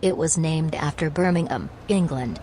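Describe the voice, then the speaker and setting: Brief: deadpan woman host, deep voice, matter-of-fact. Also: normal speed, a little hiss or hum. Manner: dry, businesslike, reads facts plainly.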